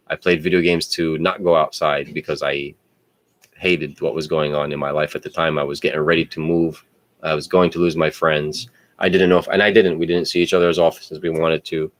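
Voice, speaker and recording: Male storyteller, very low voice, animated and profane, dry recording. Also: no echo. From United States. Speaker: podcast host. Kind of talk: casual personal storytelling.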